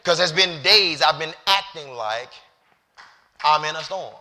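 A male pastor preaching a sermon, moving from hushed, halting storytelling to loud, shouted exhortation. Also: a little high, lively intonation. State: near tears.

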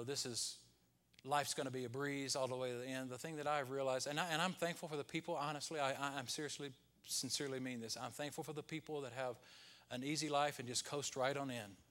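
A pastor preaching a Sunday sermon, rising to loud peaks and dropping to hushed, whispered lines. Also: male voice, mid-range voice.

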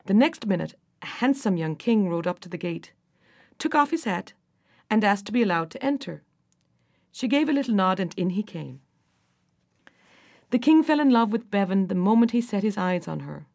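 A woman's voice: medium pitch, vocal fry. A woman narrating a storybook fairy tale, her reading rising and falling with the drama. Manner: expressive, rises and falls with the drama.

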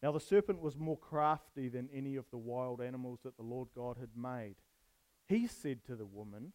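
A man's voice: mid-range voice, moderate pace, darkish tone, low-quality recording. A man preaching on a Bible passage in a casual, jokey way, often putting questions to his listeners. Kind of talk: casual sermon with questions to the audience.

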